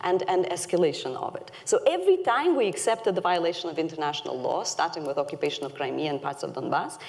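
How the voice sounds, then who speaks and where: A woman giving a prepared panel talk in a slightly low voice. She speaks earnestly and leans hard on the words that matter. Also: expressive, fast talker. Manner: earnest, emphatic, stresses key words.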